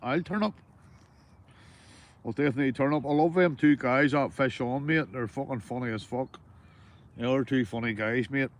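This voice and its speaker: Speaking at a moderate pace with long pauses, this medium-pitched Northern Irish angler bants with his livestream audience while he fishes. He's relaxed and foul-mouthed, addressing everybody as mate.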